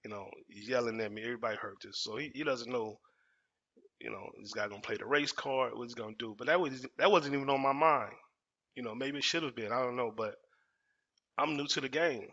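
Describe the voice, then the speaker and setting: A man's voice: mid-range voice, fairly quick, bright, forceful tone. A man, telling a personal story in casual, emphatic talk and repeating phrases for effect. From Dallas, Texas. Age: 40s. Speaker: storytelling host. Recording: dull lo-fi audio.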